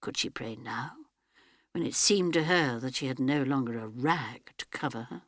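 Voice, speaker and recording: A woman's voice: very deep voice, normal speed, a bit bright, dry recording, studio quality. A woman narrating an audiobook dramatically, often dropping to a whisper.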